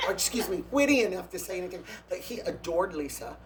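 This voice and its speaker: A man's voice: high-pitched, animated, fast talker, a crowd in the background. Campy, gossipy man telling stories. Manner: campy and catty, with gasps and laughs. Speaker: guest drag performer. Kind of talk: casual storytelling, gossipy.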